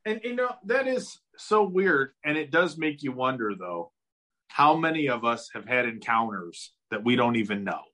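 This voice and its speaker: Lively, animated man telling stories. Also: mid-range voice, normal speed, low-quality recording. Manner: animated, laughs often, swears casually. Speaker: podcast guest. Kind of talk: casual storytelling.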